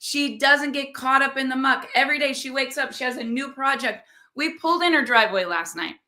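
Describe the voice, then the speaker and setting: Bright-voiced, emphatic motivational woman. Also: high voice, a little fast. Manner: emphatic, repeats phrases for punch. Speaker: motivational podcast host. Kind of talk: motivational talk.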